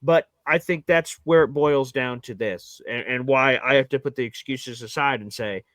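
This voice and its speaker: Animated, blunt man on a sports podcast. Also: mid-range voice, moderate pace, dry recording. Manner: animated, acts out fans' voices with mock sighs; blunt, emphatic opinions. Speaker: podcast co-host. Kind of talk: casual sports podcast chat.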